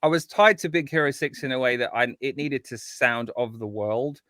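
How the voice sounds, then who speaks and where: A man's voice: mid-range voice, normal speed, fairly bright tone, no room sound, studio quality. A man, a guest composer talking in a casual interview, eager and rambling with many restarts.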